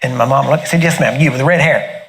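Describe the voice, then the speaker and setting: A middle-aged man telling a personal testimony in a casual, animated way, often laughing and acting out the other people in the story. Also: medium pitch, fast, creaky, faint music behind. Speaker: minister sharing a testimony.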